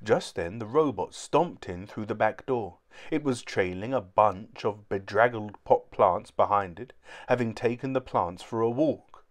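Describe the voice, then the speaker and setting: Low-voiced man reading a storybook. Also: a little slow. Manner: clear, steady storytelling. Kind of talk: reading a children's book aloud.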